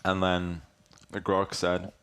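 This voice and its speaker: Man, lowish voice, dry laid-back studio chess commentator. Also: completely flat delivery, slow, a bit bright, clean tone. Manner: laid-back, dry, with frequent fillers and quoted asides. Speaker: guest commentator.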